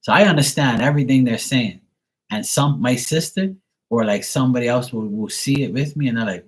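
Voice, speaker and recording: A man's voice: mid-range voice, a little fast. A man chatting casually on a live stream, loose and profane, often laughing as he talks. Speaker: live tarot reader and streamer.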